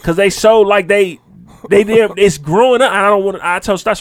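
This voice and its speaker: A man's voice: high voice, sing-song, brisk, no echo, clean studio sound. A man in his thirties co-hosting a casual podcast, telling stories about his kids and acting out their lines. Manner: storytelling, acting out quotes of his kids and friends. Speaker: podcast co-host. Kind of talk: casual chat.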